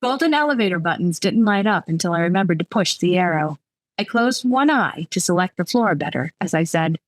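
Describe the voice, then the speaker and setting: Lively woman reading her novel. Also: fairly low pitch, moderate pace, no echo. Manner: lively, expressive first-person narration. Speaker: author.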